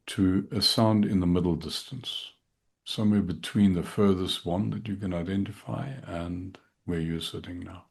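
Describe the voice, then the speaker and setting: A middle-aged man, a shaikh, speaking slowly and softly as he leads a guided meditation and dhikr. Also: low-pitched. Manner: slow, soft-spoken, calm guiding voice.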